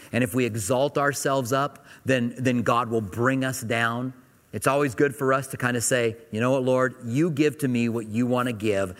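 A man gives a sermon in a relaxed, folksy manner, talking the Bible through like a chat with his congregation. His voice sits at an ordinary middle pitch. The sound carries a long reverb from a large church hall. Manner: conversational, folksy Bible teaching. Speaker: pastor.

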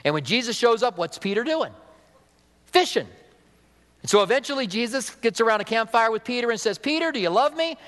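High-voiced preacher in a reverberant hall. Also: male voice, expressive, brisk, long pauses, a bit bright. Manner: conversational preaching, asks the congregation questions. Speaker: pastor. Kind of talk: sermon.

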